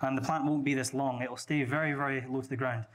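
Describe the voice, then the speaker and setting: A young Scottish man leading an aquascaping workshop, explaining each step in a relaxed way while he plants, with lots of fillers and restarts. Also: mid-range voice, fast talker. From Scotland. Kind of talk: live hands-on demonstration. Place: indoor workshop venue. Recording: noisy room ambience.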